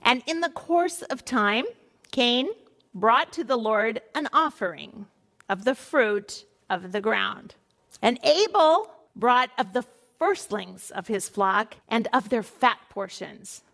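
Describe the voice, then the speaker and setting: A woman's voice: a little high, lively intonation, slow pace, gravelly, fairly bright tone. A middle-aged woman teaching a Bible study in a conversational way, reading scripture aloud and mixing in personal stories.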